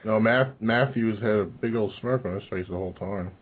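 Low, husky man with dry remarks. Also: brisk. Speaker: podcast co-host. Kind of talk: casual chat. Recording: tinny phone-like line.

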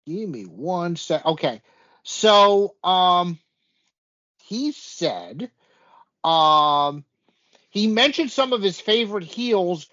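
A man co-hosts a laid-back wrestling podcast, recapping events in a rambling style packed with fillers. His voice is high-pitched and fairly bright, and the audio is dull and lo-fi.

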